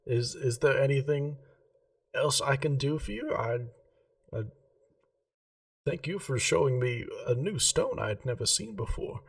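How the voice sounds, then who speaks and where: A man voicing an eager, polite woman gem scholar who stammers with excitement. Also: mid-range voice, measured pace, vocal fry, pauses often, voice pushed up.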